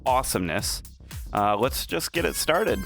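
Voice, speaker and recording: A man running a tabletop game as game master, relaxed and full of fillers like uh and um. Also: medium pitch, moderate pace, vocal fry, faint music behind. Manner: relaxed, hesitant with frequent fillers.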